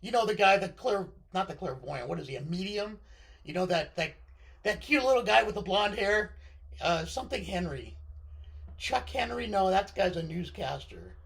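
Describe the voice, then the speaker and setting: Scratchy, gravelly middle-aged man rambling. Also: high-pitched, animated, moderate pace, fairly bright tone. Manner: digressive, stammering, self-interrupting. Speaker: vlogger. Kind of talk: rambling casual monologue.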